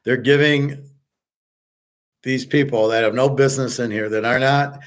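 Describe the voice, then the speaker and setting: A man's voice: mid-range voice, steady tone, normal speed. Blunt, rambling man. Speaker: host. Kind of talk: casual monologue.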